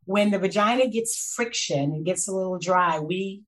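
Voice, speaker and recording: A woman from Canada chats as a guest, telling animated, laughing stories. Her voice sits in an ordinary middle pitch. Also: moderate pace. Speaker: guest, sex educator. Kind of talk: casual chat.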